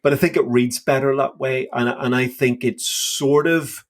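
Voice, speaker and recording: A man co-hosting a podcast, talking about scripture with energy and conviction. He is animated and emphatic, stressing key words and sometimes slipping into the voices of the people in the story. His voice sits in a mid range. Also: medium pitch, normal speed. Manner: animated, emphatic, acts out quoted lines. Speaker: podcast co-host. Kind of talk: casual theological discussion.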